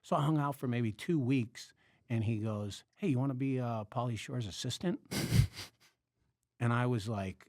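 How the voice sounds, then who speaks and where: A man hosting a podcast, telling a long story in a casual, animated way, acting out quotes and laughing often. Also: medium pitch, normal speed. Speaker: podcast host, comedian.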